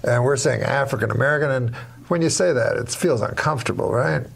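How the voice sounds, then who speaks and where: Gravelly, rambling male comedian. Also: medium pitch, a little fast. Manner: rambling, chuckling, trails off. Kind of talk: casual comedy chat. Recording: noisy recording.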